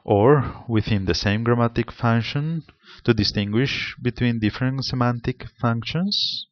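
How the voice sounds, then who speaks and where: Slow, measured Spanish-accented male lecturer. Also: mid-range voice, no echo. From Spain. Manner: slow, deliberate, explanatory delivery. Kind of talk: seminar lecture on pronunciation. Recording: slightly dull lo-fi sound.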